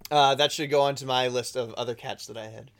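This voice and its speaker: Man, mid-pitched voice, chatty, laughs a lot, casual co-host. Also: steady tone, fairly quick, a little hiss or hum. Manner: chatty, laughs often, lots of filler words. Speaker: podcast co-host. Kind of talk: casual chat about anime.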